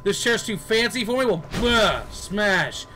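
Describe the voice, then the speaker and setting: A man's voice: sits high, animated, measured pace, pushed and bright, slight background noise, poor audio. A man giving casual gameplay commentary as a let's player, goofy and joking, chatting to the characters on screen. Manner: goofy, jokes and talks to game characters.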